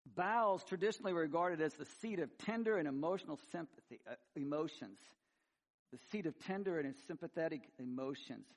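A middle-aged man preaching a sermon, swinging between loud, high emphasis and quiet, low asides. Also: expressive, a little fast. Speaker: pastor.

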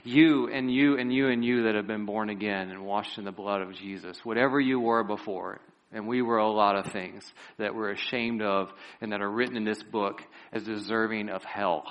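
A man preaching a sermon who retells a Bible story vividly, with lively asides and an earnest, pleading tone. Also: on the low side, moderate pace, dull audio.

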